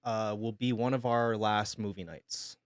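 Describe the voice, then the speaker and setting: A male streamer, sick with pneumonia, making an emotional announcement in a halting, hesitant way and holding back tears. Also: on the low side, fairly even intonation, no room sound, clean studio sound.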